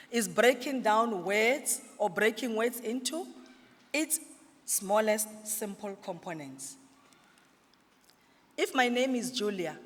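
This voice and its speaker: A woman leads a teacher workshop, patiently spelling out sounds and syllables and tossing questions to the room. Her voice carries a long reverb off the walls of a large hall. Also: medium pitch. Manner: explains slowly, sounding out letters and syllables. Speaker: literacy trainer presenting to teachers. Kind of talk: workshop presentation with audience questions.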